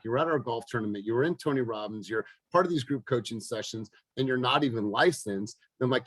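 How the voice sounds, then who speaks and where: A man leads a group coaching session over a video call, his voice dry and close with little room sound. He talks in an upbeat, encouraging way, peppered with ums and uhs. His pitch sits in an ordinary middle range. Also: breathy edge, dry recording, rough recording.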